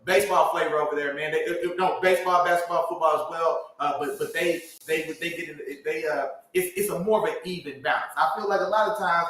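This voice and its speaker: A hoarse man co-hosting a podcast, giving casual shout-outs and ending nearly every phrase with "man". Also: on the high side, steady tone, brisk, hardly any pauses, recorded from a distance. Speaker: podcast co-host. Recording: very echoey room, away from mic.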